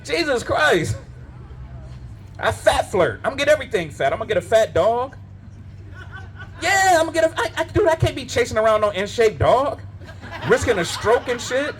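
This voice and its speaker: A man's voice: very high voice, big pitch swings, moderate pace, pauses often, a faint crowd, slight background noise. A male stand-up comedian doing a live set, telling loose, profane stories full of asides. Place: live comedy show at a winery.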